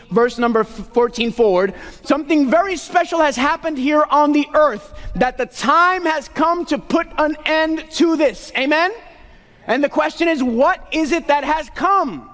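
A Puerto Rican man preaching a sermon loudly and emphatically, calling to the congregation for answers. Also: very high-pitched, moderate pace. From Puerto Rico. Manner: loud, emphatic call-and-response preaching. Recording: long hall reverb.

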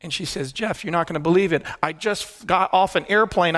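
A middle-aged man preaching by telling his own testimony, earnest and hushed at tender moments, rising with excitement. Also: high-pitched, a little fast, hardly any pauses. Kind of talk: sermon storytelling.

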